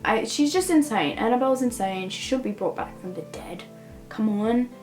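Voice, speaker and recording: A woman's voice: a little high, expressive, moderate pace, a little mellow, soft background music, low-quality recording. A young woman in a casual book review rant, rambling and peppered with "like" as she talks things through. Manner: rambling, heavy use of "like".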